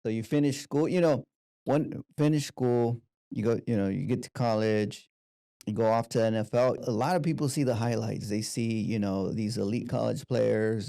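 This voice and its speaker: A low-pitched male host with a gravelly, dark voice. He recaps his guest's story and guides him with encouraging questions, heard in a dry, close recording with no room sound. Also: steady tone, moderate pace, no echo. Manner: warm, encouraging, summarizing questions. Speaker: podcast host. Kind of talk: interview.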